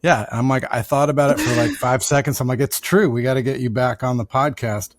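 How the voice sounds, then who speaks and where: A man's voice: medium pitch, fairly even intonation, quick pace, no room sound. A man co-hosting a casual podcast over a video call, talking in a loose, rambling way and repeating words. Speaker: podcast co-host and musician.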